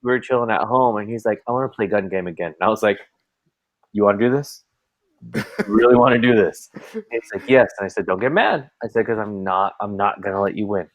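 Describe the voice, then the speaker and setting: A man in his thirties, a podcast co-host chatting casually, who tells animated stories and acts out the voices in his quotes. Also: on the low side, fairly quick, no echo. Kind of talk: casual chat.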